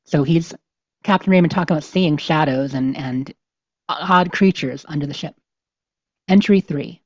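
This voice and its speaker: She hosts a podcast in a low-pitched, slightly rough and mellow voice at normal speed, leaving long pauses as she rambles with many "you know" fillers. At times she reads game notes aloud, and the sound is dry, echo-free, lo-fi, and slightly dull.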